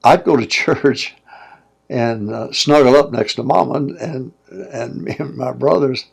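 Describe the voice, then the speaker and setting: A man's voice: medium pitch, unhurried, creaky, breathy edge. An older man, a pastor and guest, telling his story in a folksy, plainspoken way and chuckling as he goes. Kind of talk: storytelling interview.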